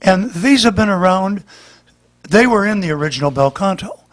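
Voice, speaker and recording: A man's voice: high-pitched, animated, moderate pace. A man with a slightly damaged voice, patiently explaining and demonstrating in a voice lesson. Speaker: vocal coach.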